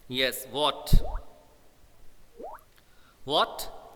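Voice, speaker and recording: A man's voice: a little high, a little slow, bright, forceful tone, smooth, big-room sound. A man teaching a live grammar lesson, patiently repeating example sentences for his pupils. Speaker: school English teacher.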